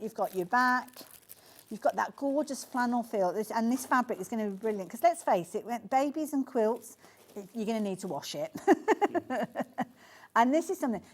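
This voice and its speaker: A woman's voice: medium pitch, a little mellow. A woman presenting a live shopping channel demo, gushing and chatty in her sales patter. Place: TV studio.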